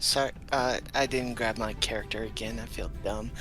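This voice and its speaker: A man's voice: fairly low pitch, fairly even intonation, normal speed. A man playing in a tabletop game, chatting casually with a dry, self-deprecating manner. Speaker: player.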